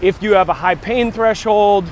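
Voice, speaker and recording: There's a slight hiss or hum as a high-pitched vlogger chats on a morning walk near traffic. At a moderate pace, he muses and rambles, repeatedly breaking off and restarting what he's saying.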